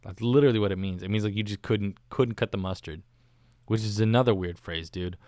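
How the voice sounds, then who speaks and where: A man's voice: fairly low pitch, fairly quick, darkish tone, no room sound, clean studio sound. A man hosting a solo podcast, rambling casually with a slangy, self-mocking manner. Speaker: podcast host. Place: recorded alone, not live. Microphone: studio microphone.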